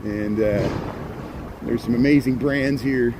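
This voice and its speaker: A man's voice: medium pitch, fairly even intonation, takes it slowly. Chatty man walking city streets. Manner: chatty, rambling, sarcastic asides. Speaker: walking-tour livestreamer. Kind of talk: casual walking commentary. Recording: street noise and passing traffic.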